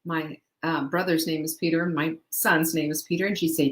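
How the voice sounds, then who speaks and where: A woman's voice: deep voice, fairly even intonation, brisk, few pauses, a bit bright. A middle-aged woman hosting a motivational talk, chatty and upbeat, who laughs often and asks the listener questions. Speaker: host. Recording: echoey room.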